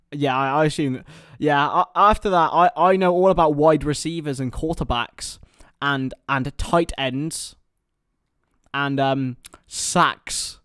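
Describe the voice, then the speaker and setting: A young British man hosting a live football watchalong, mixing excitable play-by-play with rambling banter. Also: mid-range voice, smooth, dry recording, clean studio sound. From Britain. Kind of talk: casual live match commentary and chat.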